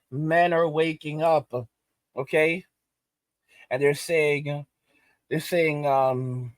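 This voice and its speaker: A man rants in a slightly high, indignant voice, circling back over his own phrases. The sound is dry and close, with no room around it. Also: fairly even intonation, very slow, pauses often, no echo. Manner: indignant, repetitive ranting. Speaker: commentary host. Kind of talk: ranting video commentary.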